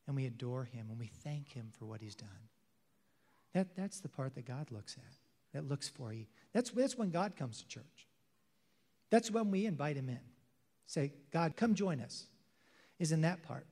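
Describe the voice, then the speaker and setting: A man's voice: mid-range voice, big pitch swings, moderate pace, long pauses. Emphatic preaching man in a reverberant hall. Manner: emphatic preaching that swings between loud and hushed. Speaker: pastor. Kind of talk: sermon.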